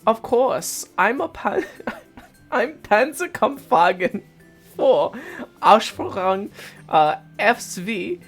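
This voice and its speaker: Panzer, a man doing a squeaky German tank girl. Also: big pitch swings, takes it slowly, a bit bright, soft background music, exaggerated voice. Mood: perky.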